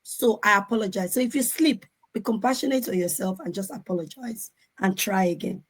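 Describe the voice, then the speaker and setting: Speaking a little fast in a husky, mid-range voice, a woman in her forties gives sincere parenting advice as a panel participant. She plays out family conversations as examples, and the audio is poor.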